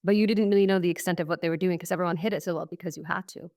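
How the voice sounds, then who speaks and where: A woman's voice: fairly low pitch, fairly even intonation, very fast, a little mellow. A woman in her thirties from Syria, a guest on an interview podcast, thoughtfully recounting her past in a casual, reflective way full of fillers. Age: 30s. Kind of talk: personal testimony in conversation.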